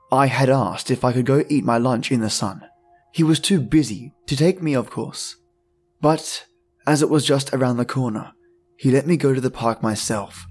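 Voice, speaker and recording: A man hosting a podcast, reading a horror story slowly and quietly after a friendly, chatty welcome. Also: mid-range voice. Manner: friendly, chatty intro, then slow hushed reading. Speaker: podcast host and narrator. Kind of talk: scripted horror story narration. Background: faint music.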